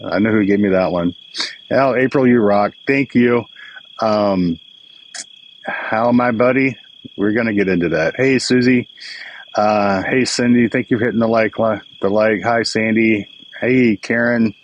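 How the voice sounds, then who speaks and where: A man's voice: fairly low pitch, a little slow, lo-fi sound, a little hiss or hum. An older man hosting a casual live stream, greeting viewers by name in a chatty, emotional way. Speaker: livestream host. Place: indoors at home, crickets outside. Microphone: phone or webcam for a live stream. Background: crickets and insects chirping.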